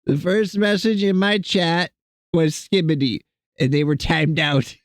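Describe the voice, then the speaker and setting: A man's voice: on the high side, unhurried, no echo. A young man streaming from his computer desk at home, rambling and joking with his chat and talking to his cats. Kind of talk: casual live-stream chat.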